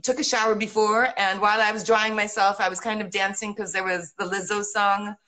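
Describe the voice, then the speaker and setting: A woman's voice: medium pitch, flat delivery, brisk, bright, forceful tone, poor audio. Frank, self-mocking woman on a video call. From Britain. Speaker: guest actress. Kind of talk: casual interview chat. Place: home in Rome during lockdown.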